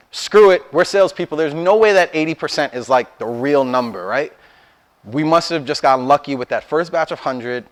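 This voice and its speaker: A young man telling a casual story to an audience at a startup talk, acting out the dialogue with lively swearing. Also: fairly high pitch, rough recording. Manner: animated, swears freely, acts out dialogue. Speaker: startup founder giving a talk.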